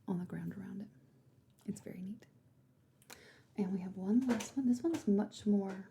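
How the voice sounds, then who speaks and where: A woman voicing an attentive female party planner in a whispered role-play, softly reassuring as she shows decorations. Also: mid-range voice, vocal fry, a little hiss or hum, natural voice. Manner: soft, reassuring sales talk.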